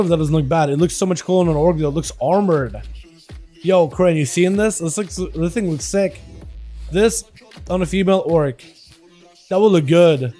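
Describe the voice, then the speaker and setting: A young man with a hoarse voice, whose first language is Russian, hosting a livestream and giving casual, excitable commentary on game duels while bantering with his chat. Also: a little high. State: hoarse, voice rough tonight.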